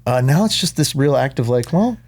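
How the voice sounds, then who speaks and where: A man's voice: mid-range voice, expressive, brisk, a little mellow. A man co-hosting a podcast, chatting casually and swearing freely. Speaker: podcast co-host. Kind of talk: casual chat.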